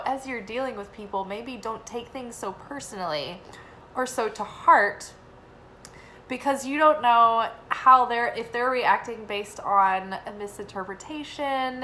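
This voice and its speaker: Young woman, bright and fairly high voice, rambling casual reading with lots of fillers. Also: a little hiss or hum, rough recording. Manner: rambling, filler-heavy, animated when quoting. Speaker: tarot reader. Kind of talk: casual spoken reading and storytelling.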